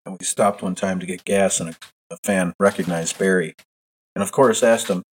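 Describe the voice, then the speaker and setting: A man's voice: sits low, fairly even intonation, moderate pace, breathy edge. A man chatting as a podcast guest, dry and matter-of-fact. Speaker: guest, retired wrestler. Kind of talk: casual chat.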